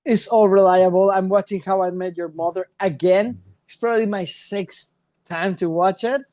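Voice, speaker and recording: A man's voice: high-pitched, steady tone, moderate pace, a little mellow, dry recording. Male podcast co-host, loose rambling chat, dry close mic. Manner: loose, rambling, playful, switches into Spanish. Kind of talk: casual chat.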